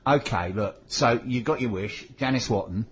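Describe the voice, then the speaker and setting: A man's voice: medium pitch, moderate pace. Man, radio co-host, casual banter, reads out messages, muffled lo-fi sound, light hiss. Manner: chatty, jokey, reads messages aloud with frequent fillers. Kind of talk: casual radio chat reading listener tweets. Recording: dull lo-fi sound with faint noise.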